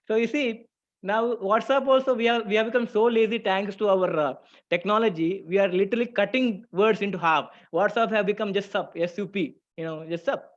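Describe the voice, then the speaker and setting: Man, high voice, teaching a chatty online class, muffled audio. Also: fairly quick. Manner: chatty, asks the class questions, reads out their answers.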